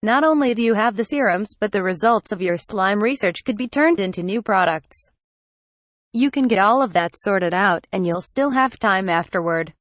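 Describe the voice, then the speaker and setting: A woman's voice: on the high side, no room sound, lightly acted. Woman reading a practical, friendly merchant man.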